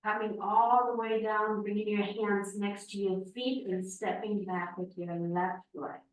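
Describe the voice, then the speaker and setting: A woman with a mid-range voice leads a yoga class in a studio, giving her cues slowly and calmly. The recording is echoey, and she sounds as if she's far from the mic.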